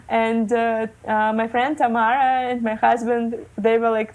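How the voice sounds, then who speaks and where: A woman in her thirties from Russia, speaking English as a second language, telling her story in an interview with many fillers and pauses. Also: a little high, level tone, a little mellow, poor audio. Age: 30s. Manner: hesitant, many fillers, non-native phrasing. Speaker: guest, illustrator. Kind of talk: casual interview talk. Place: living in Germany.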